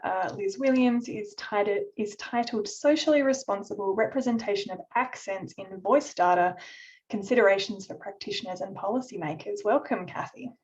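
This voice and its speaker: A woman's voice: mid-range voice, a little mellow. Female moderator with a mid-range voice, courteous and formal, on dull lo-fi call audio. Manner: polite, formal introductions. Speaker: panel chair. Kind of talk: introducing speakers on an online panel. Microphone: video call.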